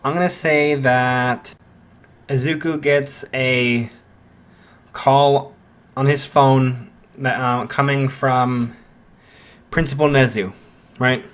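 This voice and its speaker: A man casually improvising a fan story out loud, rambling with lots of fillers. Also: mid-range voice, steady tone, slow, long pauses, clear, resonant tone.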